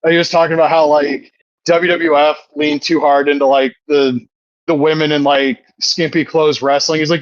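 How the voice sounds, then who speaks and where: A man's voice: fairly high pitch, flat delivery, a little fast, no echo, muffled recording. A man in his thirties co-hosting a podcast, chatting casually, rambling and swearing, often laughing. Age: 30s. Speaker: podcast co-host. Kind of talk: casual chat.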